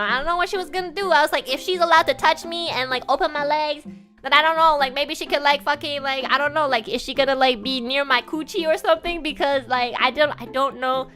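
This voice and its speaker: A woman VTuber telling a story casually on stream, animated, swearing freely and laughing often. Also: high voice.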